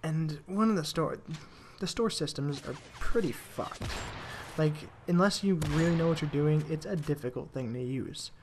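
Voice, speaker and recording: A man's voice: fairly high pitch, moderate pace, background noise. A young man telling rambling work stories in casual commentary over a video game, with restarts and the odd swear. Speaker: gaming commentator.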